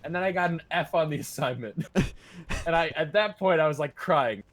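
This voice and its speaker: A man's voice: a little high, normal speed, fairly bright tone. A man streaming, telling stories in a casual, profane, laughing way.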